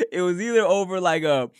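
A man co-hosting a podcast, animated and laughing, telling a story in casual chat full of fillers. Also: high-pitched, smooth, no room sound, clean studio sound. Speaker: podcast co-host, actor.

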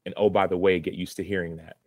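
A man's voice: low voice, flat delivery, fast talker, no room sound. A man in his thirties, a former football player, earnestly recounting a personal story in an interview, with many restarts.

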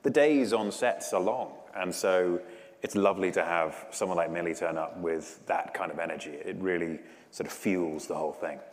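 A man in his thirties, an actor, chatting in a relaxed, self-deprecating way in an interview and laughing often. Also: low-pitched, moderate pace. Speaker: actor guest. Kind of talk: casual promotional interview. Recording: roomy reverb.

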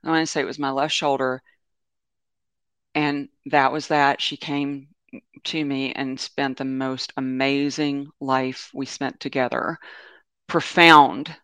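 A man's voice: medium pitch, sharp tone, clean tone, dry recording. A man presenting an informal webinar talk about animals, telling stories in a meandering way that often corrects itself and leans on fillers. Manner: meandering, self-correcting storytelling with many fillers.

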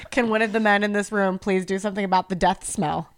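A woman's voice: mid-range voice, steady tone, fairly quick, clear, resonant tone. A woman co-hosting a podcast, ranting heatedly and swearing freely in casual chat. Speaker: podcast co-host.

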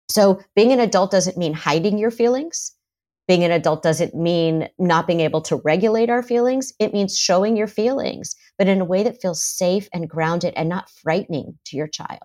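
A woman's voice: medium pitch, normal speed. A middle-aged woman, a therapist, talking in a podcast interview and acting out what parents and children say. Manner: animated, acts out parents' and children's voices. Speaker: therapist and author, guest.

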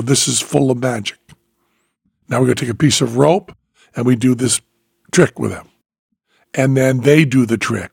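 Gravelly husky man telling rambling stories. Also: medium pitch, darkish tone, no echo, studio quality. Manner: rambling storyteller, acts out dialogue. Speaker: podcast host, magician. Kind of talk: casual chat.

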